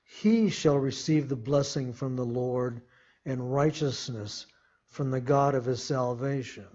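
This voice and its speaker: A male preacher delivers a sermon at an unhurried pace, leaning hard on each line of scripture before he explains it. His voice is mellow and slightly husky. The recording sounds muffled and lo-fi. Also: medium pitch. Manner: slow, emphatic reading of scripture with commentary.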